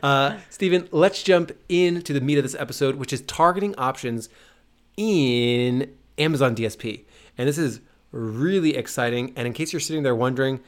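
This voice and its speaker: A man's voice: medium pitch, normal speed. A man co-hosting a business podcast in casual, joking banter. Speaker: podcast co-host.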